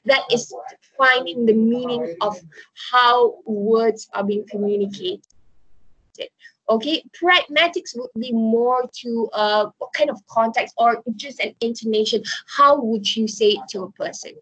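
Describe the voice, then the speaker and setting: A woman teaching a university class, her voice a little breathy and recorded close and dry with no room sound. She walks through ideas with everyday examples and keeps landing on "okay, so" as she restarts her sentences. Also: a little high, a little slow, fairly bright tone, no echo, rough recording. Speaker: lecturer. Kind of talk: online university lecture.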